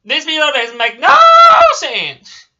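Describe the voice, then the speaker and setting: A vlogger putting on a loud, drawling Texan pickup-truck man who whoops and shouts. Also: high voice, lively intonation, slow, highs cut off, a little hiss or hum, pitched above the performer's own voice, full character voice. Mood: rowdy. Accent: mock Texan.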